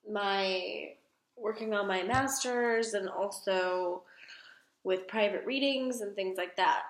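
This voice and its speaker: A woman's voice: mid-range voice, fairly bright tone. A young woman reading tarot cards in a casual video from home. She talks in a chatty, emphatic, gushing way with some casual swearing. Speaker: tarot card reader. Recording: echoey room.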